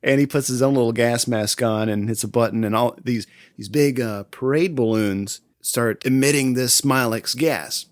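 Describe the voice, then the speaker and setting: An enthusiastic male podcast host walks through a movie scene by scene, laughing often and acting bits out. His voice sits at an ordinary middle pitch, recorded close and dry. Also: normal speed, hardly any pauses, dry recording. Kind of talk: casual movie recap chat.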